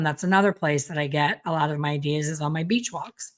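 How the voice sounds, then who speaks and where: A middle-aged woman hairstylist hosting a casual solo podcast, chatty and self-deprecating with quick asides. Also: deep voice. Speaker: podcast host and hairstylist educator.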